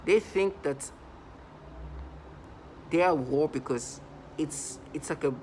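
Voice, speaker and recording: A man's voice: fairly high pitch, takes it slowly, a little mellow, a little hiss or hum, poor audio. A man delivering a casual vlog monologue, emphatic and repetitive, often restarting his sentences. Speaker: vlogger.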